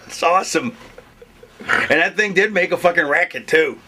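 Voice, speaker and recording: A man's voice: fairly high pitch, moderate pace, sharp tone. A man telling profane, laughing road stories in a casual interview. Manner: profane, chuckling storyteller. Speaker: wrestling interview guest. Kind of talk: casual storytelling.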